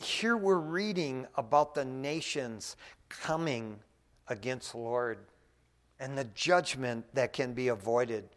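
A male preacher giving a casual, folksy sermon, often dropping in "man" and swinging from quiet to loud. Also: medium pitch, slow pace. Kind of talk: conversational sermon.

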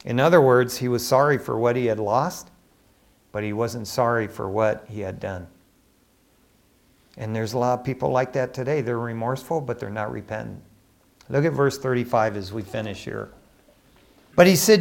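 A man preaching a sermon in an animated, emphatic way, swinging between loud bursts and hushed asides. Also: mid-range voice, moderate pace, gravelly.

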